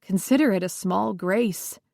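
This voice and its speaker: Brief: a gentle, uneasy social worker friend, voiced by a woman reader, quiet and dry. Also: medium pitch, a little slow, gravelly, dry recording. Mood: placating. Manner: soft, hedging and placating.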